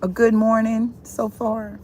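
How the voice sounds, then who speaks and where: A woman's voice: on the high side, flat delivery, slow, darkish tone, a little hiss or hum. A middle-aged woman hosting a live stream as a spiritual therapist, talking in an earnest, repetitive, preachy and rambling way. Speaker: livestream host, self-styled spiritual therapist.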